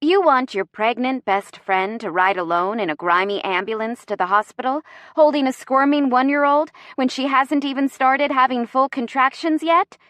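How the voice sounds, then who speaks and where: A woman's voice: high-pitched, moderate pace, a bit bright, no echo, voice pushed up. A woman voicing a brash, demanding pregnant woman in labor, indignant and bossy. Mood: incredulous.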